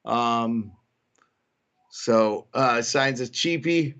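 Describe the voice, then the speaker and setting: A man's voice: mid-range voice, drawn-out words, a bit bright, clean tone. A young man hosting a live stream, chatting casually with viewers and reacting to news as it comes in. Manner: casual, greets chat viewers by name, thinking aloud. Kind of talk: live chat commentary.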